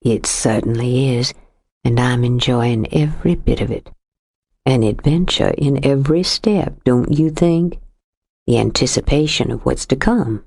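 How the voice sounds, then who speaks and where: A woman voicing a menacing male stalker who speaks in a low, syrupy, exaggerated Southern drawl, in an audiobook reading. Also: creaky, darkish tone, breathy edge, no room sound, studio quality, exaggerated voice. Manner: slow, sweet, menacing.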